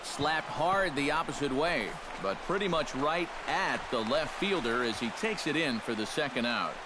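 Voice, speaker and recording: Brisk male baseball play-by-play caller. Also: on the high side, background noise. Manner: brisk, even play-calling. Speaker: play-by-play announcer. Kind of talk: video game baseball commentary.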